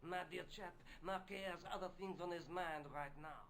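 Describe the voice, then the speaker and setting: An actor playing a haughty, rule-bound hospital doctor in a video game. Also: male voice, high voice, fairly even intonation, normal speed, vocal fry, crowd noise. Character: stern, haughty hospital doctor, male, middle-aged.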